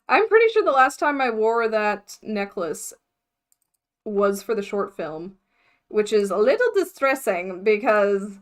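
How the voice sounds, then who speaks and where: A woman's voice: medium pitch, sing-song, slow. Chatty young woman thinking aloud. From United States. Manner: chatty, scattered, laughs often, thinking aloud. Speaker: mermaid vlogger livestreaming. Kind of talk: casual livestream chat.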